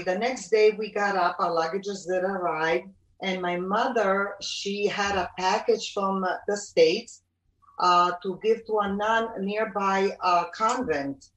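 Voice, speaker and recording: A middle-aged woman telling a personal pilgrimage story as testimony, halting with many fillers and restarts. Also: medium pitch, distant mic. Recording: roomy, from off the mic.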